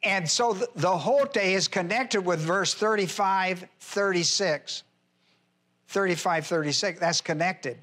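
A male pastor delivering an expository sermon in a slow, deliberate way. His voice sits high for a man, and he circles back to repeat key phrases for emphasis. He often stops to spell out Greek words letter by letter. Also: fairly bright tone. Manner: addresses listeners directly, informal grammar. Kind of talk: expository Bible teaching.

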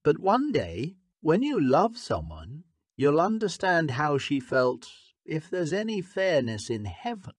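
A man's voice: fairly high pitch, wildly swooping pitch, unhurried, dry recording, studio quality, voice pushed up, heavily acted. A man reading an audiobook, voicing a bitter, furious middle-aged woman nurse who accuses and scolds. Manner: accusing, scornful, raising her voice.

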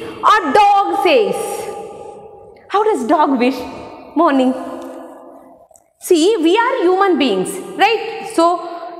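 Woman teacher, slow and sing-song, spelling words out for young pupils, echoey room with a long tail. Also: sits high. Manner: spells words out letter by letter, asks and answers questions. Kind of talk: classroom lesson for young children.

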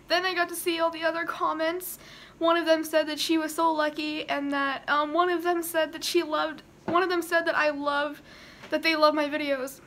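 A woman with a high, bright voice talks straight to her viewers while crying. She gushes thanks between teary laughs in a casual, heartfelt way. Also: a little hiss or hum. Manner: gushing, laughing through tears. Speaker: YouTuber. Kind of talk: tearful vlog to camera.

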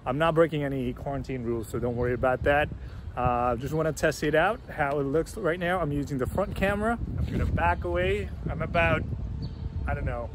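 A man's voice: fairly high pitch, brisk, noisy background. A man casually testing and reviewing a microphone, talking in a plain, matter-of-fact way with small fillers. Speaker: gear reviewer. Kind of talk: casual mic test and review. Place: outdoors, then indoors at a computer. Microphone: shifting between phone and shotgun mic at varying distances.

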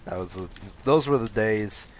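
A man's voice: lowish voice, normal speed, a little mellow. A young man streaming a game, chatting casually with viewers and swearing freely, sounding sleepy with a bit of phlegm in his throat. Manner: laid-back, swears freely, answers chat. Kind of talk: casual gaming stream chat.

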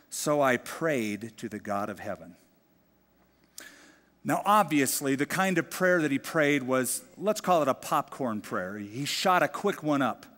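A middle-aged male pastor teaching a sermon, telling the story lively and acting out the quoted voices. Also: medium pitch, long reverb tail. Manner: animated storyteller, acts out quoted dialogue. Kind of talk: expository Bible teaching sermon.

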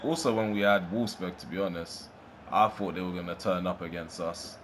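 A man with a fairly low voice narrating his own football game as he plays. He swings between calm play-by-play and loud, excitable bursts, swearing now and then. A faint hum sits behind him. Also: fairly quick. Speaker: gaming YouTuber. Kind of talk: live gameplay commentary.

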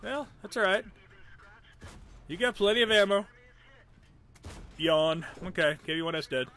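A man giving live, joking commentary over a friend's tank battle, reacting loudly to hits and misses and teasing the player. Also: high-pitched, expressive, unhurried. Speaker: gameplay commentator.

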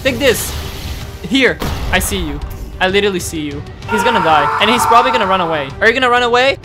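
A young man hosting a gaming channel, giving excitable gameplay commentary, exclaiming and taunting his opponents. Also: high-pitched, fast, loud music behind the voice.

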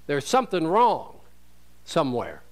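A man's voice: fairly high pitch, huge pitch swings, measured pace. Man preaching a folksy sermon. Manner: conversational preaching with rhetorical questions and scripture quotes. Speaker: pastor.

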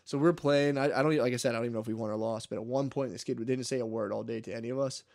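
A man's voice: mid-range voice, fairly even intonation, very fast, vocal fry, hardly any pauses, darkish tone. A man co-hosting a podcast, telling a long story in casual chat, swearing often and laughing as he goes. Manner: profane, laughing, rambling. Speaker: podcast co-host.

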